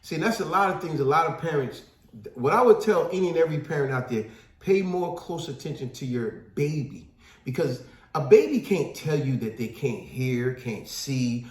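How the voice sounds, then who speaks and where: Man, casual discussion, lively storyteller, acts out quotes, echoey room. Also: on the high side, moderate pace. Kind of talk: casual talk-show discussion.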